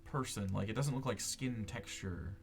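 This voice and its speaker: A man's voice: lowish voice, normal speed, creaky, over loud music. A man narrating a tabletop game as game master, laid-back and full of filler words.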